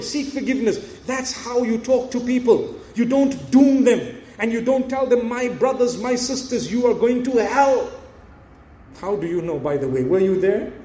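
A man preaching a sermon, telling a story and acting out the dialogue in an animated way. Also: extremely high pitch, reverberant.

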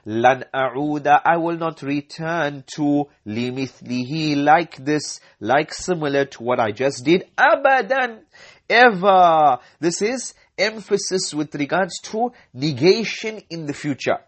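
A man's voice: a little high, normal speed, few pauses. A man teaching an Arabic lesson, reading each phrase, repeating it and explaining the grammar step by step. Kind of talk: language lesson, reading and translating.

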